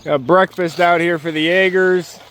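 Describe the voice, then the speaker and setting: A man with a slightly high voice tends his farm animals outdoors, talking to them in a chatty, coaxing way as he goes. Faint farmyard noise and animal bleats sit behind him. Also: fairly even intonation, moderate pace, a bit bright. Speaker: homesteader. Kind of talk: casual vlog talk to animals and camera.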